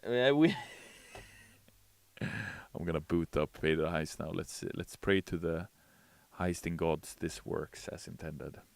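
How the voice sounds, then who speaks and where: A man in a sleepy, relaxed live-stream chat, answering viewers with many hesitations and reading their messages aloud. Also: very deep voice, unhurried, gravelly, no echo. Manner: reads chat messages aloud in a brighter, louder voice; relaxed, hesitant with frequent uh fillers.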